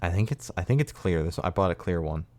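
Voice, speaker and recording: A man's voice: low-pitched, lively intonation, fast, darkish tone, dry recording. A man co-hosting a music podcast, chatting casually in a rambling way and swearing freely. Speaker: podcast co-host. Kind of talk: casual chat.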